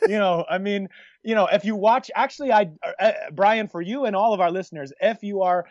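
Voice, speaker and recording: A podcast co-host talks briskly in a voice that sits high, rambling and joking through casual chat while restarting and interrupting himself. The recording is dry and lo-fi.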